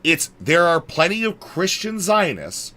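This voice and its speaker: A man streaming live and chatting casually, swearing a lot and swinging from low mumbles to exasperated shouting. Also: very animated, a little slow. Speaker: livestreamer.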